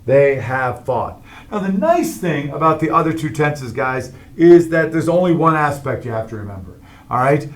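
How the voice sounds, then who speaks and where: A man's voice: fairly high pitch, animated, moderate pace. A middle-aged man teaching a Latin grammar lesson, explaining each form step by step and often checking in with "all right?".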